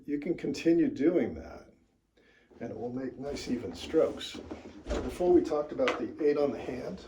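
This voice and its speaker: A man with a mid-range voice walks through a drumming technique in a casual lesson. He explains step by step in a loose, relaxed way, often pausing with fillers as he demonstrates. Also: medium pitch. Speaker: drum teacher.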